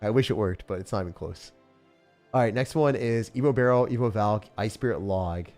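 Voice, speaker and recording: A young man giving live commentary as he plays and rates card decks, excitable, with loud outbursts and laughter. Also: medium pitch, a little fast. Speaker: streamer playing and rating decks. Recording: faint music behind.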